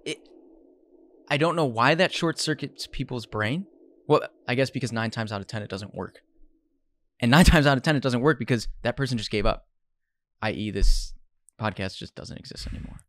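A man co-hosting a podcast, talking in a lively, preachy way and laughing often. His voice sits at a middle pitch. The sound is close and dry, with no room sound. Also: moderate pace, long pauses, no echo. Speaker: podcast co-host. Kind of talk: casual chat.

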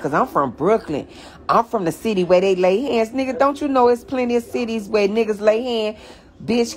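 A woman hosting a live stream, ranting to her viewers in a blunt, mocking and profane way, calling them y'all, speaking into a phone. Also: mid-range voice.

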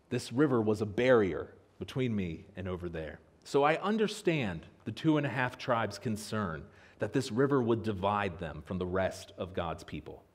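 Animated American man preaching. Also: breathy edge. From Pennsylvania, USA. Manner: animated storytelling with lively pitch swings. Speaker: pastor. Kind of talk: sermon. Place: church sanctuary.

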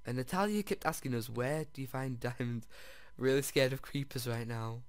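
A man giving let's-play commentary as he plays, excitable, often jumping to squeals over finds and talking straight to his viewers. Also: medium pitch, normal speed, clear, resonant tone, dry recording. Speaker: video game player.

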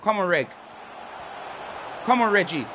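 A young man, commentating on his own football video game with excitable shouts and lots of slang. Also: sits high, unhurried, a little hiss or hum. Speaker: gaming streamer.

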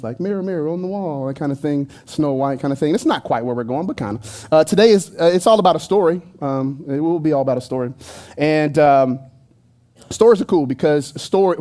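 A man's voice: mid-range voice, fairly quick, warm tone. A man preaching a sermon in a church, talking in a loose, playful, conversational way with jokes and asides to the congregation. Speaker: pastor. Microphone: handheld microphone.

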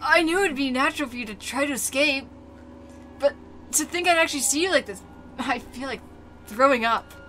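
A woman voicing a possessive, obsessive young man in a video game, speaking softly and bitterly. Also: sits high, a little fast, pauses often, slight background noise. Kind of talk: reading game dialogue aloud.

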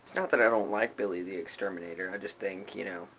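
A man's voice: low-pitched, steady tone, fast, a bit bright, a little hiss or hum, poor audio. A man hosting a casual joking vlog, rambling offhandedly. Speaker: vlogger.

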